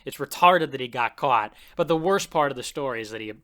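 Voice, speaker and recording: A man's voice: mid-range voice, lively intonation, brisk, a bit bright. A man co-hosting a podcast, talking in a rambling, scornful, profane way. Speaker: podcast co-host. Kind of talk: casual political podcast chat.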